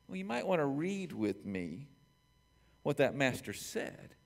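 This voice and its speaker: A man's voice: on the high side, big pitch swings, a little slow, vocal fry. A male pastor preaching a sermon emphatically, with building repetitions.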